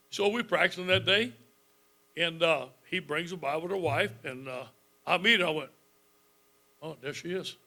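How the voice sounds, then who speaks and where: Fifties male coach at a club speech; a slightly high voice with folksy, lively storytelling broken by chuckles. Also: unhurried, pauses often. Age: 50s.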